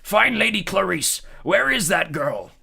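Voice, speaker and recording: Man reading as a gruff, gravelly undead captain, loud, a bit higher than his own voice. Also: sing-song, unhurried, full character voice. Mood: commanding. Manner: barking orders. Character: ghostly zombie ship captain, gruff old male.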